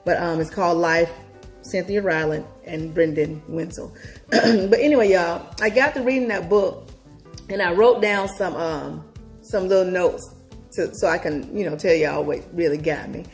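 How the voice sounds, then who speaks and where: A woman vlogger talking casually to her viewers, chatty and upbeat, reflecting on a book with sudden excited leaps in her voice. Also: normal speed, soft background music. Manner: chatty, talks straight to viewers, big excited pitch jumps.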